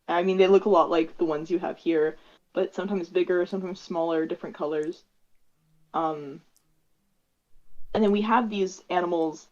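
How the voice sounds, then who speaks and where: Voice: medium pitch, steady tone, moderate pace, long pauses, darkish tone. A tabletop game player who explains things in a hesitant, rambling way. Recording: muffled lo-fi mic.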